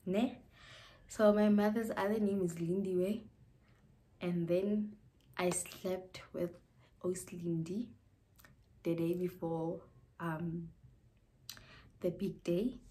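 A woman's voice: fairly low pitch, steady tone, slow pace, pauses often, mellow, rough recording. A young South African woman with a South African accent, telling a personal story in a casual vlog, emotional and mixing English with Sesotho. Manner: emotional, mixing English with Sesotho, drops often to a near whisper. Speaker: YouTuber.

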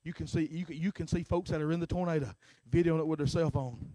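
A middle-aged man preaching a sermon as pastor, starting lines with a filler "uh" and swinging from shouts to hushed talk. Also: a little high, fairly even intonation, fast, no echo. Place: church sanctuary.

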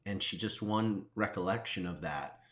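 A man co-hosting a show, speaking with slow awe about what he just heard. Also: low-pitched, a bit bright. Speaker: co-host. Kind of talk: casual chat.

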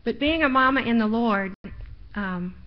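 A woman's voice: fairly high pitch, lively intonation, measured pace. A middle-aged woman preaching a sermon in a church, folksy and personal, sharing her own testimony and pressing points with rising force. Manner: folksy, personal testimony, building to louder emphasis. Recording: lo-fi live stream audio.

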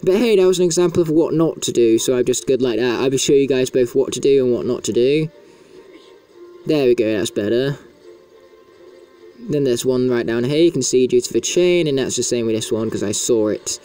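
A man's voice: medium pitch, fairly quick, dark tone, soft background music. A man chatting casually as he plays a video game, in a talkative, self-mocking way. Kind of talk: casual gameplay commentary.

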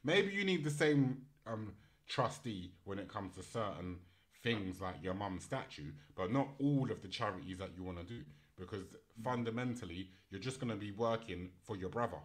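A man's voice: lowish voice, expressive, normal speed, few pauses. A man hosting a casual panel podcast, reading news items aloud and breaking off into chatty commentary with fillers. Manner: reads articles aloud, then breaks off into chatty asides with fillers. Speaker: podcast host and moderator.

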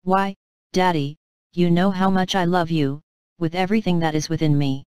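A woman's voice: fairly low pitch, fairly even intonation, normal speed, darkish tone, smooth, dry recording, close to an everyday voice. A woman voicing a devoted young princess who speaks affectionately and eagerly in a storybook reading.

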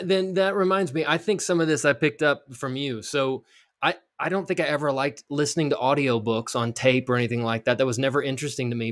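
Middle-aged male podcast co-host, animated and joking, reads aloud with energy. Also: medium pitch, no echo, studio quality. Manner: animated, jokey, full of restarts. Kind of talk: casual chat and reading aloud.

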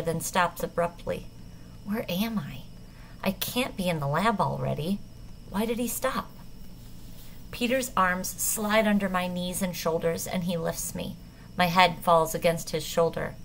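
Woman audiobook narrator, first person, low and gravelly, measured. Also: a little hiss or hum, low-quality recording.

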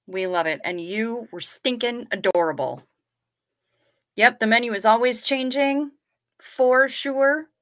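A woman with a Midwestern American accent hosts a livestream, chatting casually as she reacts to viewer photos. Her voice is bright and lively, and she talks at an easy, unhurried pace. She sounds playful and gushing. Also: a little high. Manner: gushing, playful, laid-back. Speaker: livestream host. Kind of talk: casual chat reading viewer comments.

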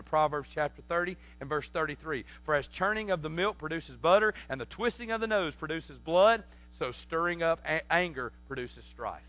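High, bright-voiced pastor preaching. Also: male voice. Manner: animated preaching with repeated words and sudden loud emphasis; tells folksy family anecdotes. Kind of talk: sermon. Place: church sanctuary.

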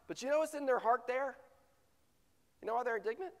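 Man, pastor, sermon, gravelly, long church reverb. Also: very high-pitched, animated, brisk. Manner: preaching with sharp swings between loud rhetorical questions and near-whispered lines. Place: church sanctuary.

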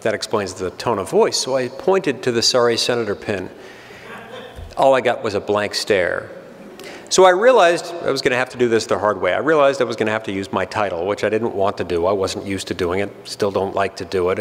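Middle-aged male speaker, gravelly, dry self-deprecating humor, reverberant hall. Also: medium pitch, animated, a little fast. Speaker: senator giving a speech. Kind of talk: humorous public speech.

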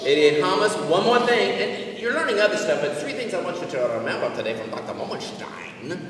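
A man's voice: high-pitched, sing-song, brisk, fairly bright tone. A man presenting a playful piano lesson to children, teasing and leading the group in chanting answers. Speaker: music teacher presenting to children. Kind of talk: playful classroom demonstration with call-and-response. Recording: echoey hall from far off. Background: piano notes.

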